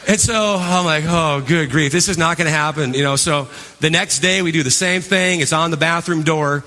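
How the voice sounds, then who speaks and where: Man, bright forceful voice, animated storyteller, live talk on stage, long hall reverb. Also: a little high, moderate pace. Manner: animated storytelling, acts out his past reactions. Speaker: motivational speaker. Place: large event hall.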